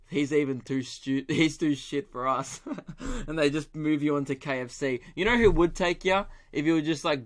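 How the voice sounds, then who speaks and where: A young Australian man hosting a solo comedy podcast, ranting with swearing and laughing at his own jokes. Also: a little high.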